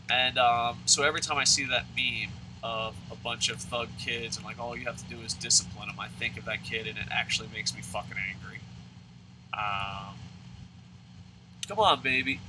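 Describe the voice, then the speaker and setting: A young man tells a rambling, profane story while playing a video game, his voice at an ordinary middle pitch. He talks casually and keeps swearing. A steady hum of background noise sits under the recording. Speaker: let's play commentator. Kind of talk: casual storytelling over gameplay.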